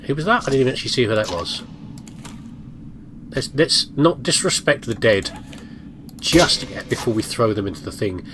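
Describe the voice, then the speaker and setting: A man's voice: medium pitch, very animated, normal speed, pauses often, background noise. A man giving casual, self-mocking commentary while playing a video game, chatting to his viewers and to the objects on screen. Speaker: let's play gamer.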